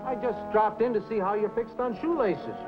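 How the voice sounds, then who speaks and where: A man's voice: high-pitched, normal speed, over music, lightly acted. An actor playing a wisecracking man who poses as Napoleon's spirit from another room, in a 1950s sitcom. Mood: sly. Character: man posing as the ghost of Napoleon, a cheeky salesman. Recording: muffled 1950s TV sound from off-room.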